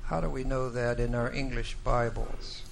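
A man teaching a Bible class, explaining verses deliberately and with emphasis, and putting questions to the class. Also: mid-range voice, steady tone, vocal fry, slight background noise.

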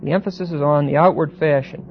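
A man lecturing a Bible class, pausing and repeating words and often checking that students follow. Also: on the high side, steady tone. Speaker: Bible teacher. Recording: dull lo-fi recording with faint hiss.

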